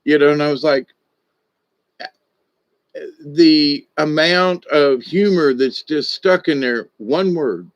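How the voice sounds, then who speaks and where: An older man and former stage director telling rambling, animated stories in a casual monologue, often trailing off and restarting. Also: fairly high pitch, slow pace, pauses often, no echo. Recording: dull, dry lo-fi audio.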